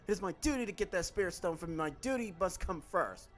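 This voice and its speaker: A man's voice: high-pitched, expressive, fast talker, a bit bright, soft background music, voice pushed up. A man voicing a stern, duty-bound young female soldier, reading game dialogue aloud in a commanding, clipped way.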